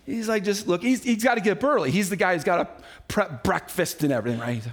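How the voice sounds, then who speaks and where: A man in his forties preaching a sermon, telling the story in an animated way and acting out the quotes himself. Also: high voice, quick pace. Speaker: pastor.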